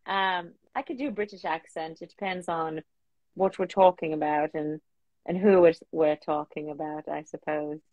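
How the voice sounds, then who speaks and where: A woman hosting a talk show interview on a video call, lively and chatty with plenty of fillers. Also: low voice, moderate pace, no room sound, muffled recording. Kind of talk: casual interview chat.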